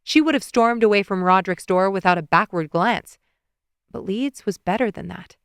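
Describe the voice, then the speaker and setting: A woman's voice: mid-range voice, moderate pace, clear, resonant tone, no room sound. Woman reading an audiobook, dry close sound. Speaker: audiobook narrator. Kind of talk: scripted audiobook narration.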